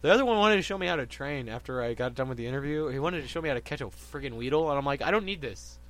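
A man's voice: medium pitch, very fast, a bit bright. A young man co-hosting a casual podcast, joking and laughing often. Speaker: podcast co-host. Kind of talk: casual chat.

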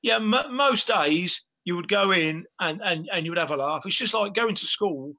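A man's voice: sits high, expressive, moderate pace, pushed and bright. A man, a former footballer chatting as a guest, rambling with many restarts. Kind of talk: casual chat.

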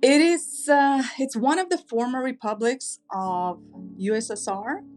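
A woman in her thirties from Uzbekistan with a Russian accent, speaking as a podcast guest in a measured way with some hesitation. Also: high voice, a little mellow, faint music behind.

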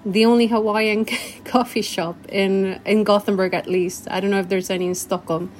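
A woman who owns a cafe, answering interview questions in a relaxed, casual way. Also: mid-range voice, moderate pace, a little hiss or hum. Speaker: cafe owner, guest.

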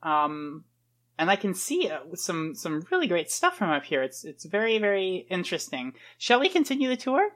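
Rambling young inventor, lively low voice, bluffing, a woman playing her. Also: moderate pace. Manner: hesitant, rambling with fillers.

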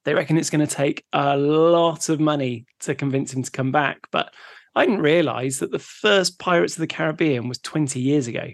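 A man co-hosting a podcast, talking in relaxed casual chat. His voice is a touch higher than most and has a gravelly fry, and the sound is dry and close with no room around it. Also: normal speed, no room sound. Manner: chatty, easygoing, laughs along. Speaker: podcast co-host.

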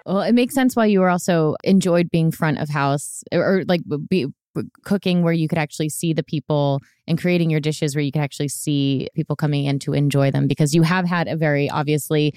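A woman hosts an interview with a bubbly, self-deprecating manner, asking long rambling questions. Her voice sits a little low for a woman. The recording is dry and close. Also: a little fast, a little mellow, clear, resonant tone, no echo. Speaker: podcast host. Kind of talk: casual interview chat.

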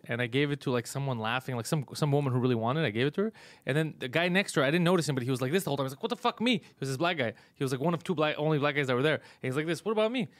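Fast-talking, teasing, profane man. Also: medium pitch, no echo. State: tired from travel. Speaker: comedian and podcast host. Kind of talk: casual livestream chat.

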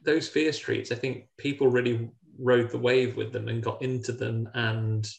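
Man, gravelly voice, wry jokes, podcast co-host, echoey room. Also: mid-range voice, level tone, moderate pace. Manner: joking, wry. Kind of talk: casual chat.

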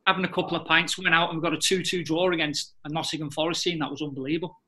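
A middle-aged man, a former footballer telling lively anecdotes in a casual interview and often laughing. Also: fairly high pitch, racing. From England.

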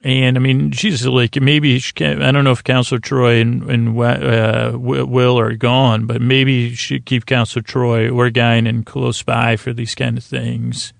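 A man's voice: medium pitch, little pitch movement, a little slow, creaky, few pauses, dry recording. A man hosting a sleep podcast, casually recapping a TV episode in a meandering, earnest way. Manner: meandering, many restarts and fillers, quietly earnest.

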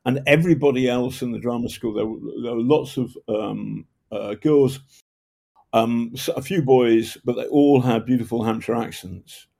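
A man's voice: medium pitch, fairly even intonation, normal speed, gravelly, warm tone. Northern English man, rambling storyteller. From Northern England. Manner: rambling, self-interrupting storyteller with projected voice. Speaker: guest, journalist and author. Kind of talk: conversational storytelling interview.

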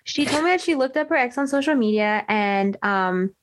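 A young woman co-hosting a podcast, telling a story in an animated, slangy way with lots of "like" into a desk microphone. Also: fairly high pitch, normal speed, slight background noise. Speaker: podcast co-host. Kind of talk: casual chat.

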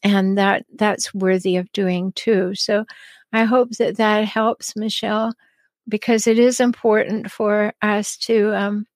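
Calm woman podcast host, dry sound. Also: mid-range voice, slow, dry recording. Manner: calm, chatty, frequent ums and small laughs. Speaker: podcast host answering listener questions. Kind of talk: advice talk show.

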